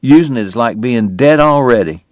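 A man voicing a bitter, weary, consumptive male dentist who speaks with slow, quiet precision. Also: mid-range voice, expressive, no echo, lightly acted. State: coughing illness, strained breath.

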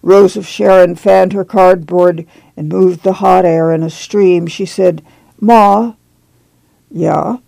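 Gravelly, mellow audiobook narrator. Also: mid-range voice, little pitch movement, measured pace, no room sound, low-quality recording. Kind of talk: audiobook reading of a novel.

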